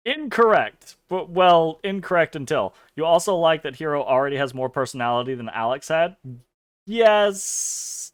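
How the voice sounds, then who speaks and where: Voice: medium pitch, clear, resonant tone, no room sound, studio quality. A let's play host giving casual, rambling game commentary, swearing freely and laughing.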